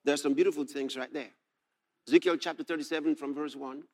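A man preaching a sermon, reading scripture aloud and expounding it with animated emphasis, sometimes shouting. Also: on the high side, fast.

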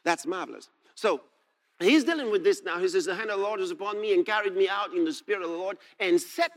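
A man preaching a sermon, explaining scripture verse by verse, often checking "all right?" and rising to shouts as he reads. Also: high voice, fast. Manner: animated, rising to shouts when reading scripture.

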